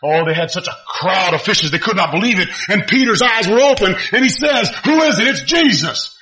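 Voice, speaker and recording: A man preaching a sermon with fervor, swinging between shouted appeals and quiet, low passages. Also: a little fast, rough recording. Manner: fervent preaching, rising to shouts and dropping to quiet.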